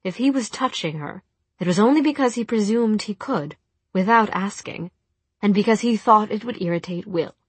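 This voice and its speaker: A woman narrating a novel as an audiobook, with a steady, expressive reading. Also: medium pitch, moderate pace, slightly rough, no room sound.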